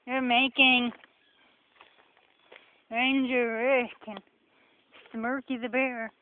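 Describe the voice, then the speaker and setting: A woman with a New Jersey accent rambles in a chatty, sarcastic way as she walks a forest path. Her voice sits a little high, and it comes through a thin, phone-like recording with a faint hiss behind it. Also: flat delivery, drawn-out words. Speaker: vlogger. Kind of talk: casual walking vlog commentary. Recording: tinny phone-like sound with faint noise.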